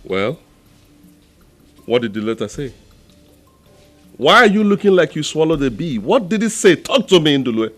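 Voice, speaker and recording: Man voicing a furious Nigerian king, low voice, wild swings, quick to shout, proud and bitter. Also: big pitch swings, faint music behind. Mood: imperious. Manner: explodes into shouting rage.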